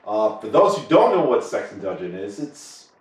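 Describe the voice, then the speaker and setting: A man co-hosting a podcast in casual chat, talking haltingly with many pauses and restarts. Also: fairly low pitch, sing-song. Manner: halting, many fillers and restarts, laughs often. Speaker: podcast co-host. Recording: echoey room, far from the mic.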